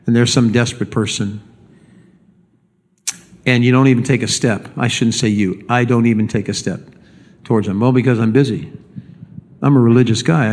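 A man's voice: mid-range voice, a little mellow. A man preaching a sermon as pastor, speaking emphatically and often repeating words as he builds a point.

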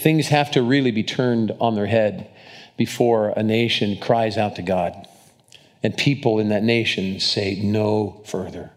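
A man preaching a sermon to a live congregation, talking casually with restarts and asides to the crowd. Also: fairly low pitch. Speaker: pastor.

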